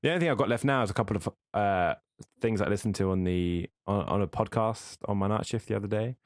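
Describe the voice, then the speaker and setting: A man's voice: lowish voice, fast talker, dry recording, clean studio sound. A man co-hosting a podcast, rambling casually and swearing freely between yawns. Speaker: podcast co-host. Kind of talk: casual chat.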